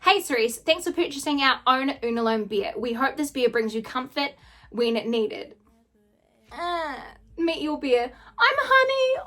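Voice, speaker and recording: Gushing high-voiced young woman vlogger. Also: measured pace. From New Zealand. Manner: gushing, excitable, emotional, swears casually. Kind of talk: casual unboxing vlog.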